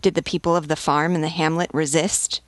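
A woman voicing a haughty old male French nobleman on the run, speaking with grave calm. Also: low-pitched, fairly quick, no room sound, natural voice. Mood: questioning.

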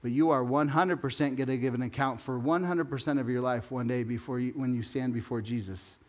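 Man preaching a conversational sermon. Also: mid-range voice. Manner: conversational, emphatic, slows down to stress key phrases. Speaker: pastor.

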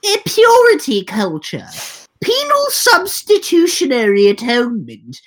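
Posh, pompous reader, as a man puts it on, slow and swooping with a high lilt. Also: exaggerated voice. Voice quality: exaggerated posh, drawn-out. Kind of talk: mock-solemn reading aloud.

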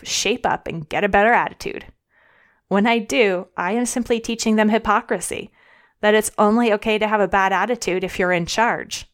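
A middle-aged woman reading her audio blog as a podcast host, cheerful and earnest. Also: mid-range voice.

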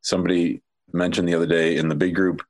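Low nasal guy w a slight lisp, s's kinda whistle, chill podcast chat. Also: flat delivery, fast talker. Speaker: podcast co-host.

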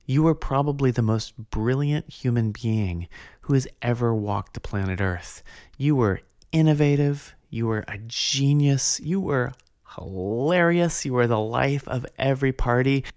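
A man doing a wry, provocative old desert monk, slow and mock-solemn, ordinary mid pitch, dry close sound. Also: a little mellow, no room sound, close to an everyday voice. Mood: mock praise.

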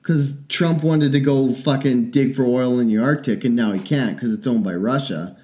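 A man with a mid-pitched voice in a casual podcast conversation. He rambles through his opinions, restarts his sentences and swears often. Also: normal speed, darkish tone. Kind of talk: casual chat.

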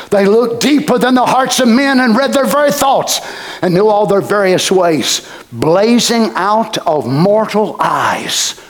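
High, impassioned preacher. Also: male voice. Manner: impassioned, swinging from shouts to whispers. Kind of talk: sermon.

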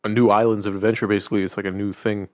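A man co-hosting a casual podcast, retelling a movie scene by scene, swearing freely and jumping into high voices for the characters he quotes. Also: level tone, very fast. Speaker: podcast co-host. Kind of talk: casual chat, movie recap.

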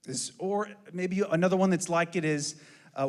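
A man's voice: a little high, moderate pace. A man in his thirties, a pastor, telling a personal story in a sermon in a loose, conversational way with frequent fillers and restarts.

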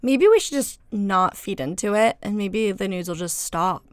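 A woman's voice: medium pitch, lively intonation, normal speed, smooth. A young woman co-hosting a casual gossip podcast in a campus studio, chatty and playful with lots of fillers. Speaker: podcast co-host.

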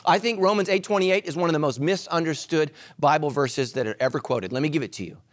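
A man preaching a sermon as pastor, telling stories with humor and swinging between loud emphasis and hushed asides. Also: fairly high pitch, fast, no room sound.

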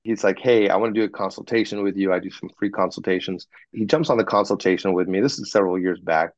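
A man working as a communication coach, telling animated stories about clients and acting out what they said in an interview. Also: low voice, fast, dry recording, highs cut off. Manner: animated anecdotes, acts out clients in quoted voices. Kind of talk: podcast interview, storytelling.

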